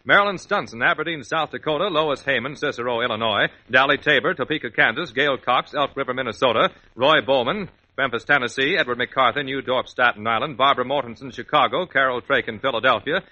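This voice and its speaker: A male radio announcer briskly reading a list of names on an old broadcast. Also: mid-range voice, pushed and bright, muffled recording.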